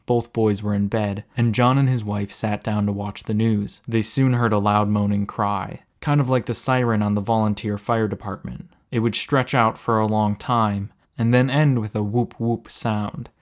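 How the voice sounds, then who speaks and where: Low-voiced man reading a story. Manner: steady measured storytelling, slowing for suspense.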